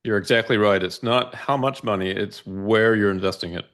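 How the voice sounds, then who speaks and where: A man's voice: fairly low pitch, moderate pace, fairly bright tone. A man in a casual conversation, methodically walking through financial charts and often checking in with "right?". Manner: explanatory, methodical, asks "right?" to check understanding. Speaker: investment analyst guest.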